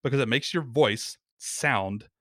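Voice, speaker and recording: A man explaining podcasting as a guest in a casual talk, lively and acting out little quotes. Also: mid-range voice, measured pace, dry recording, clean studio sound.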